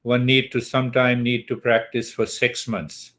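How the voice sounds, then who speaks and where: A man teaching an online class on mantras, speaking deliberately and checking in with his students. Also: mid-range voice, flat delivery, a bit bright. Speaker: spiritual teacher.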